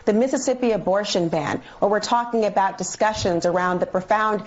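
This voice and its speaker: A woman's voice: medium pitch, a little fast, muffled recording. Earnest woman legal analyst on TV. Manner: emphatic, earnest, building long sentences. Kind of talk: televised commentary.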